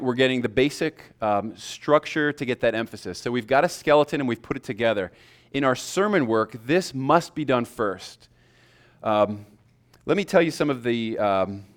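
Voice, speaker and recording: A man teaching a class on sermon preparation in a loose, conversational way, with fillers and restarts. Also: mid-range voice. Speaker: preaching instructor.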